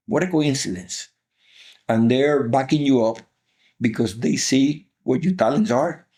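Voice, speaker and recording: Older Cuban-accented man, mellow storyteller. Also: mid-range voice. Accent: Cuban Spanish. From Cuba. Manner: earnest, emphatic, repeats key phrases. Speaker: interview guest. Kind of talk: storytelling interview.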